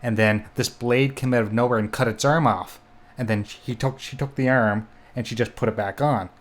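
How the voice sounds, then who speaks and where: A man's voice: medium pitch, steady tone, normal speed. A man around forty from Canada, chatting and telling stories casually on a gaming podcast. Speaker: podcast co-host.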